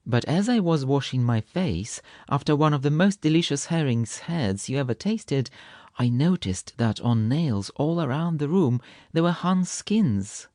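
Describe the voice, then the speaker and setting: A man's voice: mid-range voice, a little mellow, no room sound, clean studio sound. A man voicing a proud, touchy male kitten who spins a tall tale with fanciful, indignant flair.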